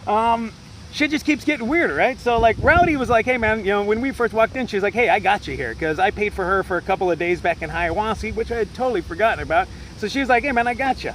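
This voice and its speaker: High-voiced man ranting, swearing freely. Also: fast talker, fairly bright tone, a little hiss or hum, low-quality recording. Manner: profane, agitated storytelling with many fillers. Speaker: solo trail hiker vlogger. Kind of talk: rambling casual rant.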